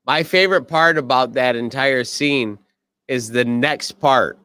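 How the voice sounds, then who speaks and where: A man's voice: medium pitch, a little slow, sharp tone, smooth, no room sound. A middle-aged man co-hosting a podcast, chatting casually, swearing freely and acting out movie quotes. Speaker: podcast co-host. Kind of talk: casual chat.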